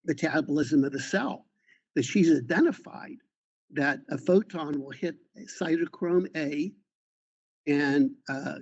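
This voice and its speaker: A man's voice: a little high, gravelly, slightly rough, muffled recording. A man, a doctor, walking patients through slides in an informal talk with side remarks. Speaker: eye doctor leading a patient meeting. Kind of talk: slide presentation over a call.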